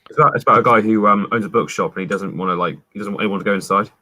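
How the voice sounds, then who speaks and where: Husky young man, stammering chat. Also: on the low side, racing, bright, forceful tone, no echo. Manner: hesitant, stammering. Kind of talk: casual chat.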